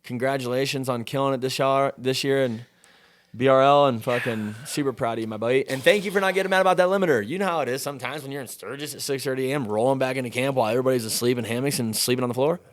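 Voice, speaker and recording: A man hosting a casual podcast, joking around and swearing in quick banter. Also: mid-range voice. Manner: fast, joking, profane banter. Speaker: podcast host. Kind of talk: casual chat.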